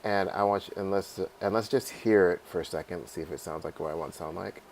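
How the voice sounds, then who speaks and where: A man teaching a class how to add lyrics in notation software, talking casually with fillers and checking in with "right?". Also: low-pitched, quick pace, creaky, slight background noise. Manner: casual, repeats "right?" and fillers, sings melody snippets. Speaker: music teacher. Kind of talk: screen-recorded software tutorial.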